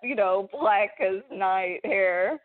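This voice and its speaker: A woman's voice: mid-range voice, slow, no room sound. A woman co-hosting a podcast, joking around and punning in casual chat about films. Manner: jokey, fond of puns, playful. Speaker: co-host. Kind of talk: casual pop-culture chat. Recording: dry, tinny phone-like call audio.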